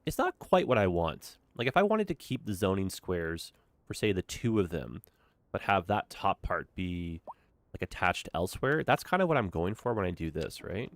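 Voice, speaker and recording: A man's voice: low voice, sing-song, moderate pace, dry recording. A young man commenting casually on a city-building game as he streams it, upbeat and chatty, often tagging his sentences with "eh". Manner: chatty, upbeat, tag questions with "eh". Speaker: gaming streamer. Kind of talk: casual let's-play commentary.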